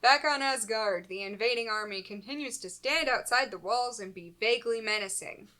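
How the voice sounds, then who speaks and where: A woman's voice: a little high, moderate pace, sharp tone. A woman co-hosting a comics podcast, reading plot recaps with dry, sarcastic asides and frequent laughter. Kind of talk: casual comedic recap, reads summary then riffs.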